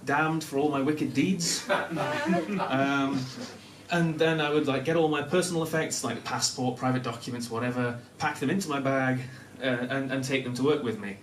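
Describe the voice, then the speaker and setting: A young man from Newcastle with a softened Northern English accent, telling a self-deprecating personal story to a live audience, often laughing as he talks. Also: mid-range voice, normal speed, noisy background. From Newcastle, North of England. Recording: echoey room, mic at a distance.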